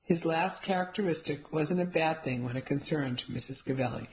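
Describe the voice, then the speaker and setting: A woman's voice: low voice, moderate pace, low-quality recording. Wry woman narrating a story. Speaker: audiobook narrator. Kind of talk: first-person scripted narration.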